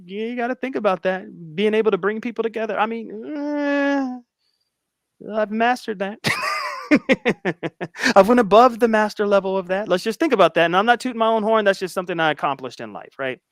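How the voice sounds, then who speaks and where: A man casually recounting an argument on a livestream, emphatic and animated as he retells it. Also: high-pitched, normal speed, no room sound, clean studio sound. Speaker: YouTube commentator.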